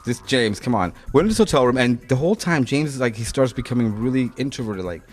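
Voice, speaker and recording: A middle-aged man, a guest DJ in a casual chat, telling stories quickly and acting out the voices in them. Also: medium pitch, lively intonation. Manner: rapid storytelling, acts out quotes.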